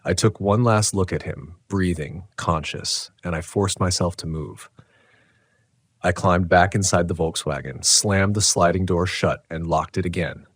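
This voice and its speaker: A man reading a scripted first-person horror story, low and tense, with dramatic pauses. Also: no echo. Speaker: narrator.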